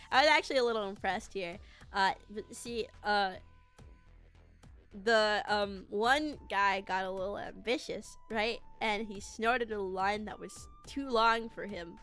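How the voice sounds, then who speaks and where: Brief: higher-pitched female streamer, lively and foul-mouthed storyteller, soft music underneath. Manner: animated, laughing, swearing freely. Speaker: VTuber streamer. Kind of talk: casual storytelling to chat.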